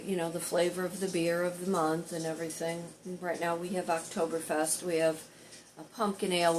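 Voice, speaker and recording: An older woman, a content creator who also tends bar, telling a rambling story in a casual vlog and going animated when she quotes people. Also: lowish voice, a little hiss or hum, rough recording. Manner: rambling, chatty, animated when quoting others.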